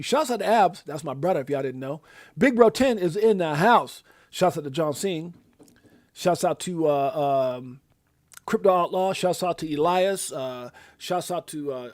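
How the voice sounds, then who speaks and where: Hyped man giving stream shout-outs. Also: no room sound, studio quality. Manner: lively, hyped, drawn-out shout-outs with sudden loud high bursts. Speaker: livestream host. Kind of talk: casual livestream shout-outs.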